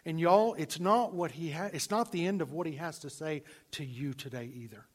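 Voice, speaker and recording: A male pastor preaching a sermon, swinging from loud emphasis to hushed, near-whispered lines. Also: a little high, moderate pace.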